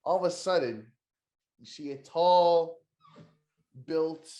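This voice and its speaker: An excitable man co-hosting a casual podcast chat, full of slang and quick laughter. His voice sits a bit high, and the room around him rings with echo. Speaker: podcast co-host.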